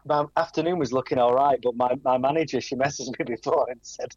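A man's voice: mid-range voice, fast, few pauses, a little mellow, no echo, highs cut off. A man from England, a guest on a radio show, telling stories in a chatty, good-humoured way. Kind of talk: casual radio banter.

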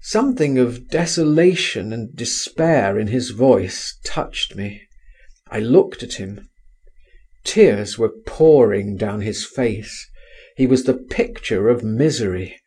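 A man narrating a story in the first person for an audiobook, in a measured storytelling way. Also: medium pitch, lively intonation, a little mellow, breathy edge.

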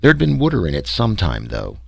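A man's voice: low voice, huge pitch swings, brisk, creaky, a bit bright, exaggerated voice. A man voicing a wry, sarcastic explorer recounting his trek. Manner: sarcastic, dry storytelling.

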